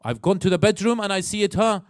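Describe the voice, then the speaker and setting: A man with an Iraqi accent delivers an animated religious lecture in a mosque, voicing inner thoughts and posing questions to the audience. His voice sits high and moves quickly, and the recording is dry with clean studio sound.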